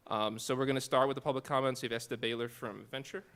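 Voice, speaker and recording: A man's voice: medium pitch, steady tone, quick pace, a bit bright, clear, resonant tone. Man chairing a town board meeting. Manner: brief, calls up speakers.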